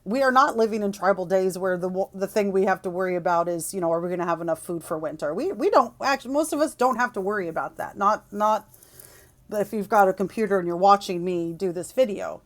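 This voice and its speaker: A woman, a spiritual teacher delivering a channeled message in a soft, unhurried way, with chatty asides. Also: mid-range voice. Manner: soft, slow and calming in the meditative passages; laughs often, chatty asides.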